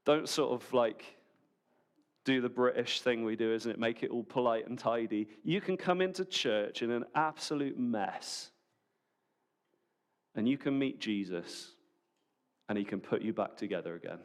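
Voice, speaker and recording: A man preaching a sermon at a church service, animated and conversational, full of rhetorical questions. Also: mid-range voice, moderate pace, pauses often.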